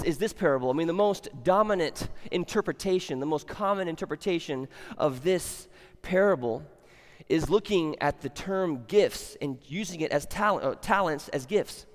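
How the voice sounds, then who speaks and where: A man's voice: fairly high pitch, darkish tone. A man preaching a sermon in a church, conversational and enthusiastic, often repeating words as he goes. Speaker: pastor. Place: church sanctuary. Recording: long hall reverb.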